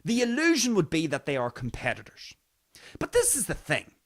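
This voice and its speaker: A man's voice: on the high side, wildly swooping pitch, normal speed. A man hosting his own podcast, giving mocking news commentary full of rhetorical questions and casual swearing. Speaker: podcast host.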